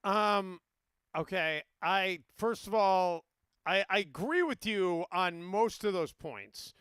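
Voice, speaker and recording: Bright, crisp-voiced sports radio host. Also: male voice, sits high, expressive, slow pace, no echo, studio quality. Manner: rambling, self-interrupting, many restarts. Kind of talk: casual sports talk radio.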